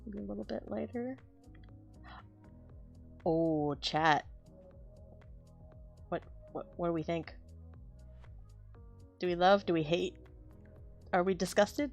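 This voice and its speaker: Woman artist, casual drawing stream, rambling, self-deprecating, lowish voice. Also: slow pace, gravelly, long pauses, darkish tone, highs cut off, soft background music. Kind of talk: casual chat while drawing.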